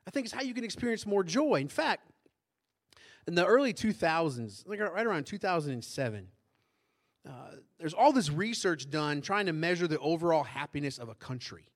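A man's voice: fairly high pitch, animated, moderate pace. A middle-aged man preaching a sermon as pastor, in a conversational way that keeps asking the congregation questions.

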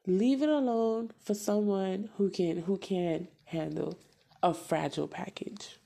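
Gravelly-voiced woman venting bluntly. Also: mid-range voice, unhurried, warm tone. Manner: blunt, profane, emphatic repetition. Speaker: podcast host. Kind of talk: casual venting monologue.

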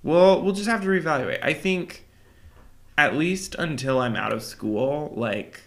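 A young man co-hosting a podcast in casual chat, rambling and halting with many fillers and restarts. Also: on the high side, animated, a bit bright. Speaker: podcast co-host.

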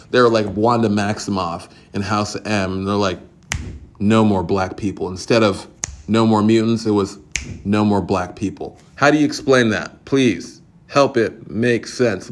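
A man hosting a podcast, ranting casually in a profane, exasperated, rambling way. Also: lowish voice. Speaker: podcast host. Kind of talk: casual opinion rant.

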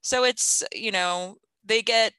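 A woman in her thirties chatting casually in an interview, laughing often and filling pauses with ums. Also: on the high side, bright, forceful tone, clear, resonant tone, dry recording, low-quality recording. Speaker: interviewee, gardening parent.

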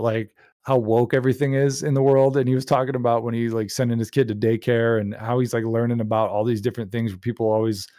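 A young man rambles crudely through casual podcast banter. His voice sits at a middle pitch, and the recording is dry and close. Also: warm tone, no room sound. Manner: rambling, crude, imitates people he quotes. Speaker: podcast host.

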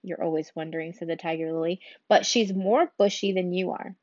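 A woman reading a children's storybook aloud, unhurried, now and then stumbling and restarting a word. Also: on the low side, fairly even intonation, darkish tone, no room sound, muffled recording. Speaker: reader.

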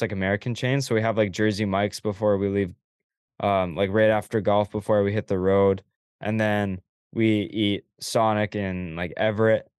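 A man's voice: lowish voice, a little mellow, clean tone, dry recording, studio quality. A young man co-hosting a podcast, telling stories in casual chat, acting out quoted dialogue and swearing freely. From Canada. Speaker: podcast co-host.

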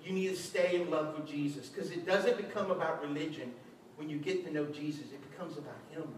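Man, pastor, high voice, animated sermon, echoey church hall, distant mic. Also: a little fast, noisy background. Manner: animated, acts out quotes with shouts and laughs.

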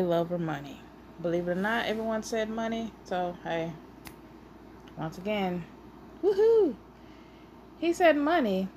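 A woman hosting a casual solo podcast, telling stories in an animated, playfully argumentative way and sounding a little out of breath. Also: medium pitch, slight background noise. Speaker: podcast host.

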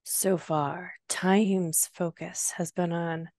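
A woman from the US Midwest, co-hosting a casual book podcast, playful and quick to drift off topic. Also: on the low side, fairly even intonation, a little mellow, no room sound, studio quality. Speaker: podcast co-host reading a book aloud. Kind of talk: casual book-club chat and reading aloud.

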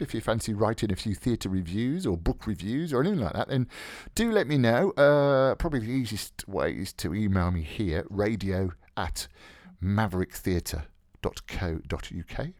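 A man's voice: fairly low pitch, darkish tone, dry recording, studio quality. A man hosting a literary radio podcast, chatting casually in a rambling, jokey way full of fillers. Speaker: podcast host.

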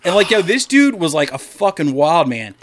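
A man's voice: on the high side, very animated, moderate pace, a little hiss or hum. A young man from Delaware co-hosting a podcast, telling long, profane, rambling stories in casual chat. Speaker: podcast co-host.

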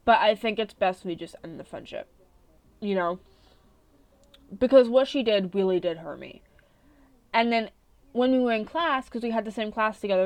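A woman's voice: fairly high pitch, no echo. A young adult woman hosting a podcast, telling a personal story in a casual, candid way, swearing freely and often checking in with "right?". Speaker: podcast host. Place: bedroom with open window.

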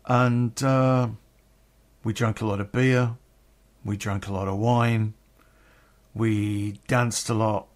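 A man's voice: fairly low pitch, steady tone, slow pace, pauses often. A middle-aged man telling a personal story on a podcast, candid and rambling, swearing freely.

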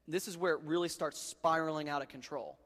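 A man's voice: a little high, fairly even intonation, a little fast, fairly bright tone, in a large hall. A man preaching a sermon in a casual, joking way, calling his listeners guys and dude. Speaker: pastor.

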